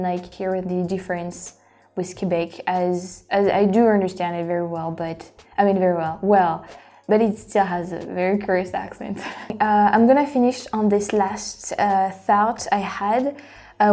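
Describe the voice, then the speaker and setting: Chatty French woman with a mellow voice. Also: mid-range voice. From France. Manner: chatty, rambling, full of fillers and restarts. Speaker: YouTube host. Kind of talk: casual reaction commentary.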